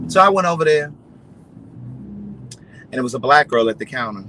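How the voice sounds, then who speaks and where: A man chatting casually to his viewers, telling stories in a gossipy, animated way. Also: medium pitch, quick pace, noisy background. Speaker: vlogger. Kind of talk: casual storytelling chat.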